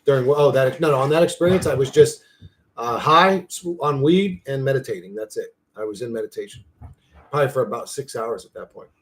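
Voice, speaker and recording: A young man rambles through a casual livestream, swearing freely as he answers his viewers' chat. His voice sits at an ordinary middle pitch. He wanders from topic to topic and keeps talking without much pause. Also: animated, slight background noise. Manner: rambling, profane, talks to his dog in a high playful voice. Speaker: livestream host.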